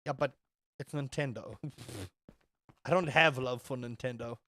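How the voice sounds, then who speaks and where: A man's voice: mid-range voice, unhurried, a bit bright. A young man on a casual gaming livestream. He rambles, swears, answers chat and reacts to the game.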